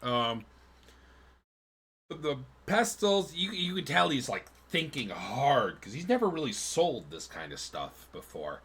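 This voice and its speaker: Lively, bright male game master. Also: mid-range voice, unhurried, husky. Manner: loose, rambling narration with fillers. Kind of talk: narrating a tabletop game.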